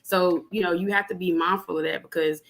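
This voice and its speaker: A young adult woman in casual spiritual chat on a podcast, animated and preachy, talking plainly with lots of fillers. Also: lowish voice, fairly quick. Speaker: podcast guest.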